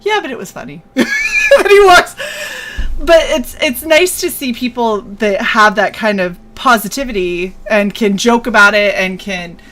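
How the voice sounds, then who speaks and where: A woman hosts a relaxed conversation with a voice that sits a little high for her sex. She tells stories with plenty of animation and acts out the lines of the people in them. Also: measured pace, slight background noise. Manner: animated storyteller, acts out quotes. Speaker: host. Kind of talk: casual chat.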